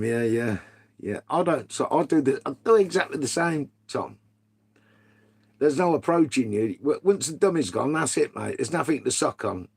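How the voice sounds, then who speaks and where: A man's voice: medium pitch, expressive, normal speed, vocal fry, a little mellow, husky. Man, middle-aged, casual livestream chat, swears freely, calls people mate. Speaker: livestream host reading chat.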